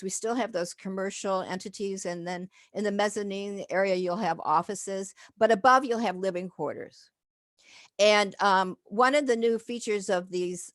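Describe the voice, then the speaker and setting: A woman's voice: mid-range voice, no echo. Chatty older woman lecturing, dry sound. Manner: chatty, digressive, many fillers and laughs. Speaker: professor giving a lecture. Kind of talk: informal lecture with slides.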